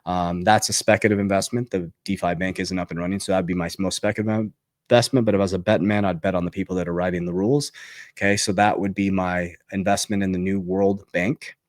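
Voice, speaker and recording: A man's voice: low voice, little pitch movement, quick pace, no echo, clean studio sound. A man talking as a finance coach in an emphatic motivational monologue, repeating his key phrases and getting fired up.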